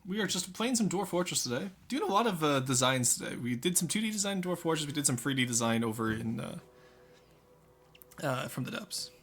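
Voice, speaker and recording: A man's voice: a little high, big pitch swings, fairly quick, fairly bright tone, slight background noise. A man streaming a game live, chatting and joking with his viewers while he plays. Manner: chatty, joking, talks to chat. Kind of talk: casual live game commentary.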